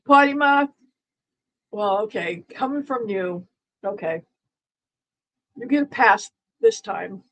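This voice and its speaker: A woman's voice: mid-range voice, expressive, slow, pauses often, husky, rough recording. A woman hosting a live stream in casual chat with her viewers. She talks in a rambling, playful way, with lots of fillers and restarts, and teases the people in the chat. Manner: chatty, playful, teasing chat commenters. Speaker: livestream host.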